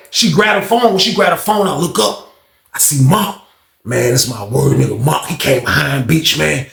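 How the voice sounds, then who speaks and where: A man telling a story in a casual, animated, slangy way, acting out the scenes. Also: sits high, quick pace, creaky, echoey room.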